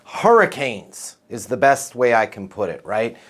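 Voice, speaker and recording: Guy running a sales training, lively and folksy, talks to the group like they're his guys. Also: medium pitch, measured pace. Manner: acts out quotes in different voices. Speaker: sales coach. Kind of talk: live sales training talk.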